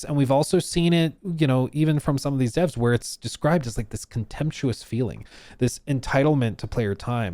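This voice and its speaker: A man's voice: medium pitch, a little mellow. A man streaming live, ranting through reaction commentary with emphatic repetition. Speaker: streamer and host.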